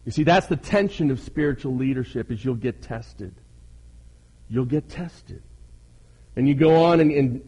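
A man's voice: medium pitch, mellow, husky, low-quality recording. A male pastor preaching a sermon, asking his listeners questions and pressing his points with emphasis.

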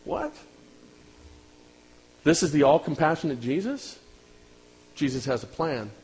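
Man, pastor, animated sermon delivery, talks straight to the congregation, loud then hushed. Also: on the high side, normal speed, low-quality recording.

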